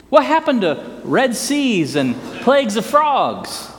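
A man preaching a sermon in an animated, folksy way, often asking his congregation questions. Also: very high-pitched, slow pace. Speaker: pastor. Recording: long hall reverb.

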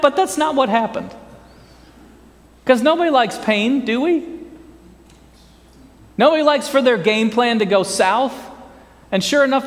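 A man preaching a sermon in an animated, folksy way, often asking his congregation questions. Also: very high voice. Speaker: pastor. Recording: long hall reverb.

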